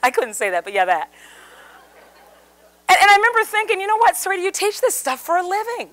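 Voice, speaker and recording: A woman with a very high-pitched voice talks fast while giving a live seminar to an audience. She's a communication speaker and an animated storyteller, acting out the voices of the people she quotes.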